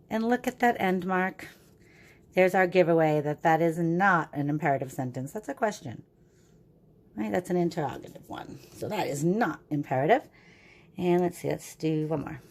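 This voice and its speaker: A woman's voice: fairly low pitch, a little mellow. A woman teacher giving a recorded grammar lesson to young children, upbeat and patient, with a sing-song voice that keeps checking in with "right?".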